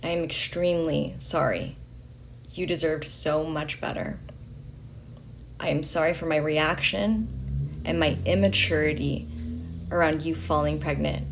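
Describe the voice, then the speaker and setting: A woman reading a letter aloud in a slow, deliberate way, pausing between phrases. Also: sits low, fairly even intonation, gravelly, a little hiss or hum. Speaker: reader of a letter.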